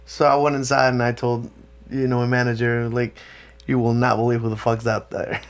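Man, podcast co-host, gravelly voice, rambling, swears a lot, casual chat. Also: medium pitch, little pitch movement, a little fast. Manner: rambling, laughing, swears often.

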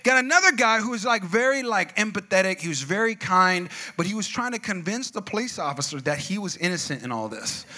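A man with a high, piercing, very bright voice preaches a sermon. He tells a comic story with big swings in pitch and volume, acts out the people in it, and calls out to the congregation. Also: brisk, hardly any pauses. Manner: animated storytelling, acting out voices, shouting asides to the congregation.

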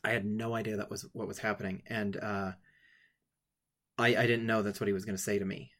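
A man telling a personal story with many halting restarts, tearful at times, then guiding listeners through a writing exercise. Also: fairly low pitch, flat delivery, fairly bright tone. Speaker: writing workshop leader.

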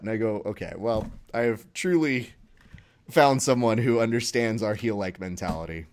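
A man co-hosting a casual wrestling podcast, animated and profane, acting out quotes as he talks. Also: lowish voice, normal speed. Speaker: podcast co-host.

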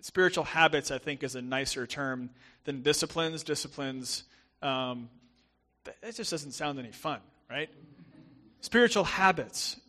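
Bright-voiced Southern American preacher. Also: male voice, medium pitch, unhurried. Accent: Southern American, softened. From southern United States. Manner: chatty and self-deprecating, with many fillers and restarts. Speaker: guest pastor. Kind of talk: sermon.

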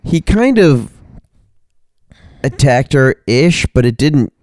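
A man's voice: mid-range voice, sing-song, slow pace, a little mellow, dry recording, studio quality. A man in casual comedic chat, retelling an odd news story with loose, wry asides. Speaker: co-host.

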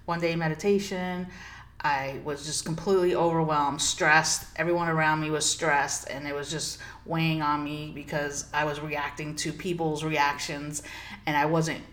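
A woman's voice: low-pitched, level tone, normal speed, a bit bright. A woman spiritual coach and podcast host telling a personal story in an earnest, reflective way, laughing now and then between phrases.

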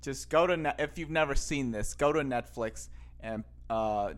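A man's voice: medium pitch, moderate pace. A man hosts a casual podcast, talking straight into his microphone in a mid-range voice. He rambles and restarts his sentences often, stacking up fillers along the way. He laughs easily between thoughts. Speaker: podcast host.

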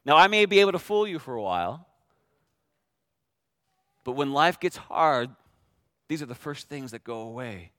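A man's voice: mid-range voice, lively intonation, moderate pace, pauses often, fairly bright tone, no room sound. A man preaching a sermon as pastor, emphatic, repeating key phrases and asking rhetorical questions.

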